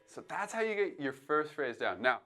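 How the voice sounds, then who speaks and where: A man teaching jazz drumming, calmly coaching and counting beats aloud between demonstrations. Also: on the high side, moderate pace, soft background music. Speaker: drum teacher. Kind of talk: instructional demonstration. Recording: drums playing behind the voice. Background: drum playing between phrases.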